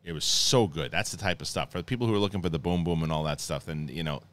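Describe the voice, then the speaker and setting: Excitable man rambling through a review. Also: rumbling low, fast. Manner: excitable, rambling, with lots of restarts. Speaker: host reviewing a TV episode. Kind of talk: casual spoiler review.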